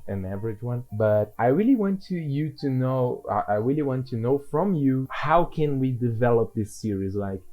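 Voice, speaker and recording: Mellow-voiced man rambling over gameplay. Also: medium pitch, rough recording. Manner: rambling and self-deprecating, with frequent restarts. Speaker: gaming video creator. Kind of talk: casual gameplay commentary.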